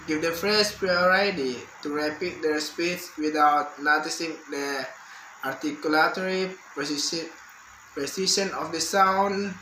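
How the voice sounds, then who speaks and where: A young man reads a prepared exam answer at a very slow, careful pace, often repeating words. His voice is fairly high and bright. The room is echoey, with a faint hum behind him. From Indonesia. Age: young adult. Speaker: university student.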